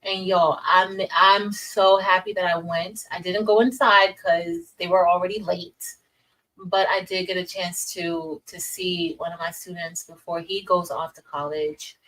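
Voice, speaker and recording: A woman's voice: lowish voice, fairly even intonation, unhurried, fairly bright tone, far from the mic, rough recording. A woman teacher hosting a casual livestream, chatting with viewers, reading the chat aloud and calling them y'all.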